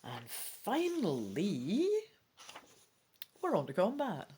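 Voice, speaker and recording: A woman hosting a let's play, reading the rules of a gamebook aloud and thinking aloud between sections, often dropping into soft muttering. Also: fairly low pitch, huge pitch swings, takes it slowly, breathy edge.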